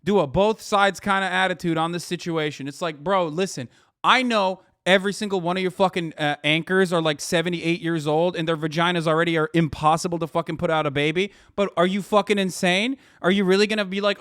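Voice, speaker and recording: A man's voice: high-pitched, fairly even intonation, brisk, fairly bright tone, clean tone, dry recording, clean studio sound. A man in his thirties giving a heated, sarcastic and profane political rant as a streamer reacting to news clips. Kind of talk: ranting political commentary.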